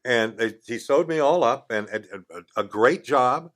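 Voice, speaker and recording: An older man, a guest in a radio studio, telling a casual story in a lively way and acting out the voices of the people in it. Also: medium pitch, measured pace. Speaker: podcast guest.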